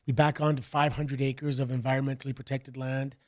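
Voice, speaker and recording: A middle-aged man from Canada, a guest chatting casually and telling rambling stories in a relaxed way. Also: mid-range voice, fairly quick. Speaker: guest, wrestler. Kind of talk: casual interview chat.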